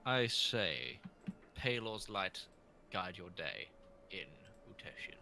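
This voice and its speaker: Male tabletop player, very bright sharp tone, lively pitch, faint noise. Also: takes it slowly, gravelly. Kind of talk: casual game chat.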